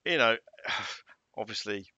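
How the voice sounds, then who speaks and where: A man's voice: lowish voice, expressive, slow, sharp tone, no echo, lo-fi sound. A middle-aged man from England chatting casually as a podcast co-host, often tagging his remarks with questions. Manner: chatty, asks tag questions. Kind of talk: casual chat.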